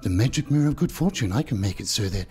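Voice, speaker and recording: A man's voice: fairly low pitch, lively intonation, fast talker, warm tone, husky. A man voicing a boastful, sly male magic mirror in a spoken horror fairy tale.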